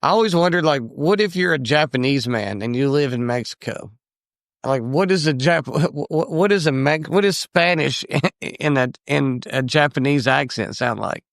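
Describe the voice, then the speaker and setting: A man's voice: on the high side, expressive, moderate pace, gravelly, no room sound, studio quality. An American man co-hosting a podcast in casual chat, rambling through his ideas and restarting his thoughts. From United States. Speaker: podcast co-host.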